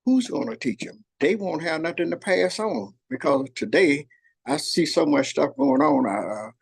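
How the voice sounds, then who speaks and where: Older male host, husky and gravelly, earnest folksy storyteller. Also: fairly high pitch, expressive, normal speed. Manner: earnest, folksy, repeats phrases, voices his granddaughter in quotes. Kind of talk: heartfelt storytelling chat. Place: workplace shop.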